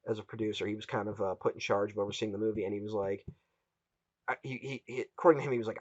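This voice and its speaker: A man's voice: fairly low pitch, very fast, no room sound, highs cut off. Man animatedly retelling a film story. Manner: animated retelling, acts out quoted voices. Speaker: podcast host. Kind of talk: casual film podcast storytelling.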